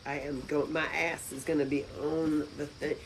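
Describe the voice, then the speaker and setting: A woman hosting a live stream from a friend's house, chatting casually with viewers, with loud exclamations and soft asides. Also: deep voice, little pitch movement, moderate pace, slight background noise, rough recording.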